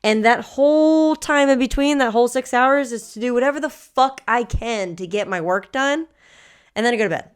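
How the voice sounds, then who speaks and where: A woman co-hosting a casual fitness podcast, blunt and teasing, talking fast and swearing freely. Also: on the high side, clean tone. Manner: blunt, profane, teasing, rapid. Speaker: podcast co-host, coach. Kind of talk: casual chat.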